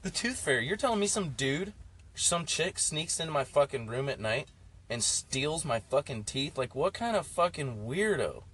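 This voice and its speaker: Bright-voiced profane young man rambling. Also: a little high, very animated, moderate pace, husky. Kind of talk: casual storytelling chat. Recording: faint background noise.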